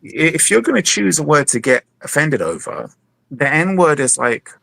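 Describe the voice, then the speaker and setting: A man's voice: on the high side, very animated, normal speed, creaky, fairly bright tone, no echo. A man explaining things at length in a casual podcast discussion, with many hesitant restarts.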